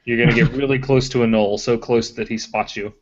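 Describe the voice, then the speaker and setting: A man's voice: mid-range voice, fairly even intonation, a little fast, a little mellow. Casual male game master, lo-fi sound. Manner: casual, hesitant, many fillers. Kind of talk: narrating a tabletop game. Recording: muffled lo-fi recording.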